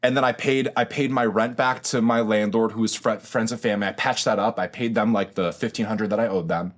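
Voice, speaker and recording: Low-voiced young man telling a story, slangy. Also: steady tone, a little fast. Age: 20s. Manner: slangy and profane, says bro a lot. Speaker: podcast guest. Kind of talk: casual storytelling.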